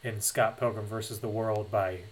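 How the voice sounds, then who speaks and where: A man's voice: on the low side, fairly even intonation, moderate pace, slight background noise. A man co-hosting a casual chat, recapping with wry jokes. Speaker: podcast co-host.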